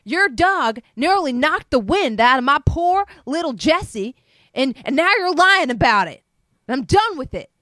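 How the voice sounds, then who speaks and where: A woman puts on a red-faced neighborhood dad bellowing curses over a loose dog. His voice rides high and hot, pushed up from her own, and the sound is dry and close with no room around it. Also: big pitch swings, unhurried, dry recording, exaggerated voice. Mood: furious yelling. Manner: cursing, yelling, accusing. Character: angry shouting middle-aged father, furious neighbor.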